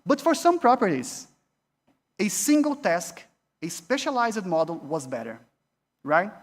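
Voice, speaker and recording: A man's voice: high voice, sing-song, unhurried. A man with a Brazilian Portuguese accent gives a university lecture in a large hall, and his voice carries a long reverb. He talks in a conversational way, repeats words as he restarts, and asks the audience rhetorical questions.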